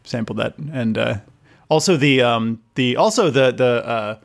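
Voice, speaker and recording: A man in casual podcast chat, his talk rambling and full of fillers. He laughs often between thoughts, at a middle pitch. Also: a little slow, vocal fry. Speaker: podcast co-host.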